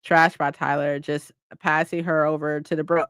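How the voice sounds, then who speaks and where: A woman's voice: low-pitched, normal speed, hardly any pauses, clear, resonant tone, no room sound, clean studio sound. A woman hosting a casual live-stream book club, ranting about a book with lots of swearing and frequent laughs. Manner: animated, profane ranting; laughs often.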